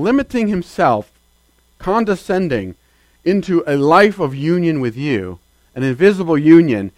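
A man delivers a sermon in a loose, conversational way, tossing rhetorical questions to the congregation. His voice sits a little higher than most men's, and it lifts sharply when he stresses a point. The sound is dry and close, with little room echo. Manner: conversational preaching with rhetorical questions and sudden emphatic rises. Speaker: preacher.

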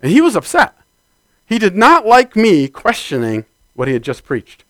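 A man preaching a conversational sermon to his congregation, swinging from loud bursts to quiet asides. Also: high voice, huge pitch swings, moderate pace, no echo.

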